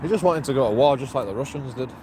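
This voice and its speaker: A man's voice: medium pitch, animated, very fast. A man rambling profanely to his camera outdoors, laughing to himself now and then, with traffic behind him. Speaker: street video blogger. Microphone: handheld camera. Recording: street ambience and traffic noise.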